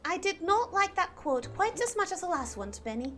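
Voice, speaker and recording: A woman's voice: very high voice, very animated, moderate pace, faint music behind. A woman streamer chatting while she plays a game, talking in an affected posh English accent with a prim, fussy manner. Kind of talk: gaming livestream chat.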